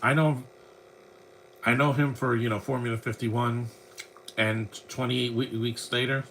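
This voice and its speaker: A man's voice: medium pitch, little pitch movement, unhurried, gravelly, a bit bright, a little hiss or hum, rough recording. A man around forty, a podcast host, chatting in a rambling way as he watches a movie and comments on it. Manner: rambling, chatty fan talk.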